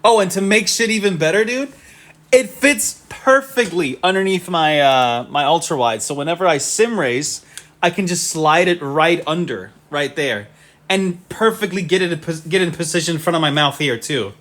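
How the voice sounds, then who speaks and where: A young man casually chatting on a live stream from his home setup, gushing and excitable and swearing freely. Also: a little high, moderate pace.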